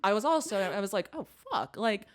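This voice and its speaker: Animated young woman telling a story. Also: medium pitch, fairly quick. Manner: animated storyteller, acts out quotes, laughs often, swears. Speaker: podcast guest. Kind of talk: casual storytelling chat.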